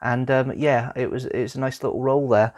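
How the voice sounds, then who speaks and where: A man's voice: medium pitch, steady tone, fairly quick, a little mellow. Man giving an unscripted review. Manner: unscripted, frequent restarts and "um"s. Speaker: TV episode reviewer. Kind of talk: casual spoken review.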